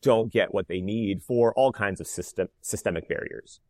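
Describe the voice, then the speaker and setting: Guest in his thirties with a deep voice, recorded close and dry. He reenacts conversations in a casual storytelling way. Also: moderate pace, no echo. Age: 30s. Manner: animated, reenacts dialogue, frequent "like" fillers. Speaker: interview guest, cancer survivor.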